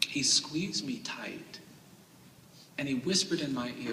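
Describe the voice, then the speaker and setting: A man's voice: medium pitch, expressive, slow pace, creaky, sharp tone, a little hiss or hum. A man giving an earnest storytelling speech as a lawyer at a summit. He repeats phrases and builds them into emphatic cadences. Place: large hall at a summit. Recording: echoey hall from a distant mic.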